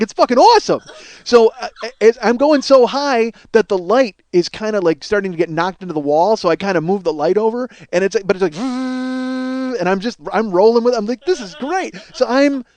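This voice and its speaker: A man in his forties, a podcast host telling a comedic story in a casual, animated way, swearing and laughing along. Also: high-pitched, moderate pace, no echo. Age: 40s.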